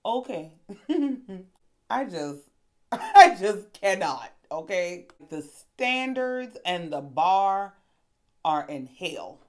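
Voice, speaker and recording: A woman hosting a casual reality TV recap, telling the story in a sassy, animated way and acting out the quotes. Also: on the low side, drawn-out words, pauses often. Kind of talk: casual commentary.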